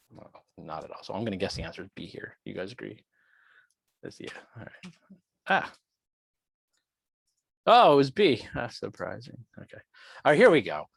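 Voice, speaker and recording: A man's voice: fairly low pitch, dry recording. A man lecturing on biology in an online class, working through quiz questions and thinking aloud in a chatty way.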